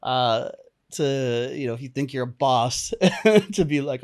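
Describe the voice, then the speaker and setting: A young man tells a personal story on a podcast with lots of energy. He laughs often and jumps into the voices of the people he is describing, so his delivery swings and stays lively. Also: medium pitch, measured pace. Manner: animated, laughs often, acts out quoted lines. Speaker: podcast guest, entrepreneur and coach. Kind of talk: casual storytelling interview.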